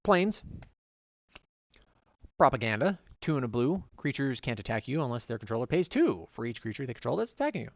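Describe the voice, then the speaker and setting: A man streaming as a vtuber, casually reading game card text aloud one card after another, quick and run-on. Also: medium pitch, very animated, no echo, muffled recording.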